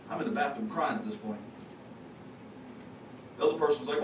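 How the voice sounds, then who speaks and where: A high-pitched male pastor delivers a loose, folksy sermon, confessing and joking with his church. He sounds distant from the mic in a reverberant sanctuary, with a steady hiss of noise. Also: brisk, long pauses. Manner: folksy, confessional, jokes with the congregation. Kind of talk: conversational sermon. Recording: echoey, distant, noisy church recording.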